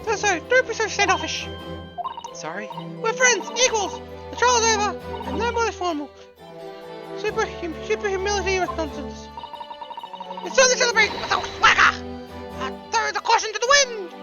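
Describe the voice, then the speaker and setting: A woman voicing an excitable young woman who gushes with breathless praise while reading game dialogue. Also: very high-pitched, moderate pace, pitched above the performer's own voice. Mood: excited. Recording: dull lo-fi stream, loud game music.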